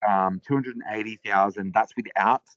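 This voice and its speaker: A man presenting a live software demo on a webinar, talking casually with lots of fillers and restarts. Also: fairly low pitch, fairly even intonation, normal speed, no echo, dull audio.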